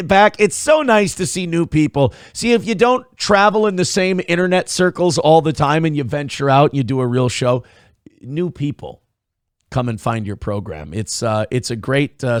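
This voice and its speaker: Crude, rambling morning show host. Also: male voice, on the high side, dry recording, studio quality. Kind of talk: casual live-stream commentary.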